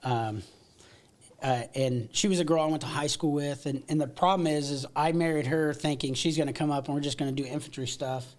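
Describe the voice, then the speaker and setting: A middle-aged American man telling stories from his past in a casual interview, animated and full of restarts and laughs. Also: fairly high pitch, fairly quick. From United States. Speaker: podcast guest.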